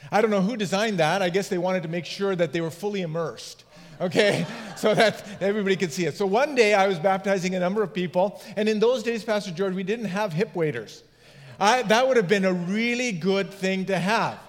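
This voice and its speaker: A man's voice: sits high, a little fast. A middle-aged man, a pastor, preaching a sermon through funny anecdotes and laughing at his own stories. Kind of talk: humorous sermon storytelling. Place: church sanctuary. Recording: long hall reverb.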